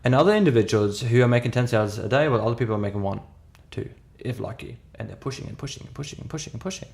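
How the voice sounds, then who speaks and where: With a foreign accent in English, a podcast co-host in his thirties tells a story casually but emphatically, restarting often. His mid-range, darkish voice races along, animated and marked by vocal fry.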